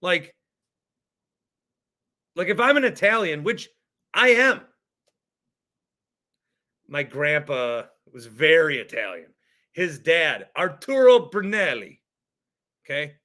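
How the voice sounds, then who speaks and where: A man's voice: on the high side, very animated, slow, long pauses, bright, forceful tone. A man hosting a sports podcast, ranting in an exasperated, worked-up way about a football game. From Wisconsin. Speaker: podcast host. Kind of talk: sports talk rant.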